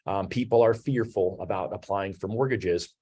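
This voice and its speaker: A man's voice: low-pitched, moderate pace, warm tone, slightly rough. A man in his forties hosting an online business talk, speaking conversationally with many "you know"s and "um"s. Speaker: host. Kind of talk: webinar talk.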